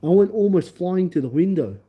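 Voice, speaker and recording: A man hosting a livestream, telling a story in an animated, emphatic way and acting out the scenes. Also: high voice, brisk, slightly rough, lo-fi sound. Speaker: livestream host. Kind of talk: casual storytelling.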